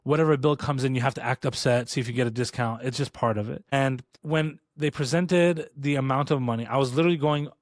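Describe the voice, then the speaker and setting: A man co-hosting a podcast, telling stories in a casual chat. He talks fast and rambles with restarts, and he acts out quoted lines in a raised voice. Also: medium pitch, fairly even intonation, dry recording, clean studio sound. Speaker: podcast co-host. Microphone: studio podcast mic.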